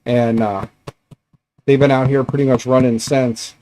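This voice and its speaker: Guy chatting on his stream, medium voice, rambly, thinks out loud as he tinkers. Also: medium pitch, little pitch movement, measured pace. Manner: rambling, thinking aloud with fillers. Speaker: livestream host. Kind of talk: casual livestream chat while tinkering.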